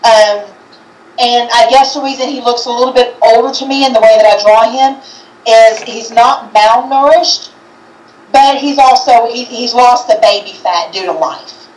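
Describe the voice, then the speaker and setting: A woman co-hosting a casual chat, describing what she senses in a hesitant, halting way with many restarts. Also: fairly high pitch, a little mellow, roomy sound, recorded from a distance, rough recording. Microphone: video call.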